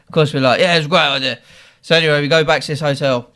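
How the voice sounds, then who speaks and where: A man's voice: a little high, steady tone, racing, pushed and bright, clean tone. A young man, a podcast host telling a story in a casual, slangy way and laughing often.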